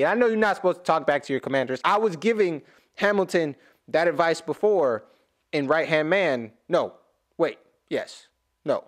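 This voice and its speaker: A man's voice: on the high side, very animated, normal speed. A man giving casual reaction commentary as a YouTuber, rambling, correcting himself and adding humorous asides.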